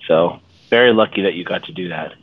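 Speaking a little fast in a low voice, a man co-hosts a fan podcast, musing about the story in loose chat full of false starts and tangents. The audio has no room sound and comes across dry and phone-like, thin and tinny.

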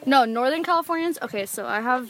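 A woman's voice: sits high, expressive, fast talker, crowd noise. A teenage girl co-hosting a podcast, chatting casually and giggling, with lots of "like". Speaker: podcast co-host. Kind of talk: casual chat among friends.

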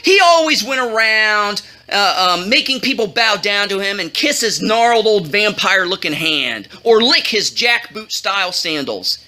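A woman's voice: medium pitch, expressive, moderate pace, hardly any pauses, sharp tone. A woman telling a comic storybook tale to a young audience, playful and jokey, teasing her listeners.

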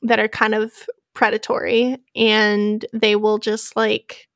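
A woman's voice: mid-range voice, level tone, slow, fairly bright tone, no echo, studio quality. A woman co-hosting a podcast in casual chat, reacting eagerly and sharing her own view. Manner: attentive listener, reacting with short exclamations. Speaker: podcast co-host.

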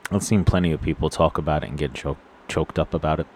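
A man speaking in an unscripted personal monologue, solemn and earnest, halting often with fillers and restarts. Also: very deep voice, steady tone, a little hiss or hum. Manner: earnest, sorrowful. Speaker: vlogger.

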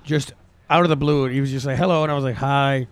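A man's voice: medium pitch, little pitch movement, very fast. A man co-hosting a podcast, joking in casual chat and mimicking other people's voices. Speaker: podcast co-host.

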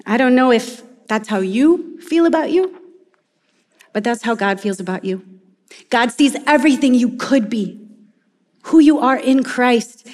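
A woman preaching a sermon, telling stories in an animated way and acting out the quotes. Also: a little high. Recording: long reverb of a large hall.

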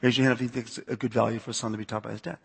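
A youth pastor in his forties, raised on the US East Coast, addresses a church audience conversationally, repeating words and asking listeners to raise their hands. His mid-range voice is gravelly with a breathy edge, and he talks very fast in a flat delivery.

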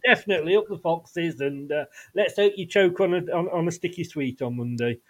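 Male guest, jokey banter, slightly higher voice than usual. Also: brisk, fairly bright tone. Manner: jokey, laughing asides. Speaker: guest fan channel host. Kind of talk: casual football chat.

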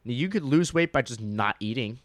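A man's voice: mid-range voice, expressive, normal speed, no echo, studio quality. A young man in casual chat, curious and playful, asking question after question.

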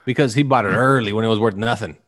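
A man's voice: fairly low pitch, fast talker, a bit bright. A man hosting a casual podcast, rambling and joking with his co-hosts. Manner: rambling, joking, restarts a lot. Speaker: podcast host.

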